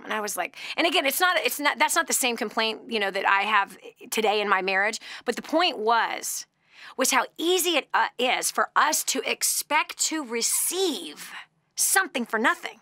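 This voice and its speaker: Bright, lively woman radio host. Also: fairly high pitch, normal speed, no echo, clean studio sound. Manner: animated, laughing often, acting out voices. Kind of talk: call-in radio talk.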